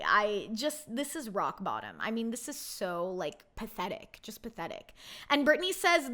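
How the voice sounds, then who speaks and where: A woman's voice: a little high, sharp tone. A young woman hosting a reality TV recap, giving blunt, indignant commentary in a casual way.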